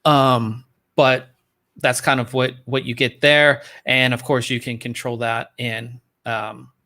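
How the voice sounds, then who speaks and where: A man's voice: mid-range voice, slow pace. A man hosting a laid-back tech podcast, chatting loosely with lots of ums and false starts. He is recorded close on a good studio microphone. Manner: relaxed and rambling, many ums and restarts. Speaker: podcast host. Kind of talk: casual tech podcast chat.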